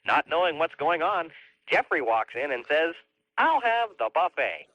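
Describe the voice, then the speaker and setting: Man doing a high, sing-song nerdy hotline announcer, prim and recorded, through a muffled phone line. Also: very animated, moderate pace. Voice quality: nerdy, nasal. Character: nerdy adult male joke-hotline recording voice.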